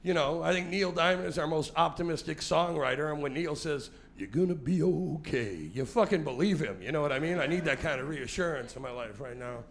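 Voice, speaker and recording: A man's voice: fairly high pitch, fairly quick, hardly any pauses, fairly bright tone. A forty-year-old man doing a profane, crowd-baiting stand-up set on a club stage, sweating as he talks. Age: 40s. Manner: profane and confrontational, teasing the crowd. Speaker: stand-up comedian. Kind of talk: live stand-up comedy set.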